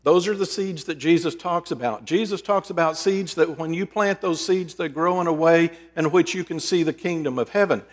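A middle-aged man preaching and counseling, telling personal stories in an earnest, conversational way with sudden shifts between loud and soft. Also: a little high, moderate pace, few pauses. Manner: earnest, conversational, with dramatic swings in loudness. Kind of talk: storytelling sermon. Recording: long reverb in a large hall.

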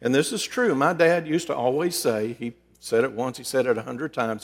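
A middle-aged man preaching and counseling, telling personal stories in an earnest, conversational way with sudden shifts between loud and soft. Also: mid-range voice, moderate pace, hardly any pauses. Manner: earnest, conversational, with dramatic swings in loudness. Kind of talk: storytelling sermon. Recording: long reverb in a large hall.

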